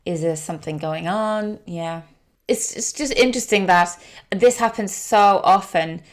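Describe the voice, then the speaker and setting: A woman hosting an interview, speaking in a calm, reflective way and prompting her guest with empathy. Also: medium pitch, measured pace. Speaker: host. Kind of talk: podcast interview.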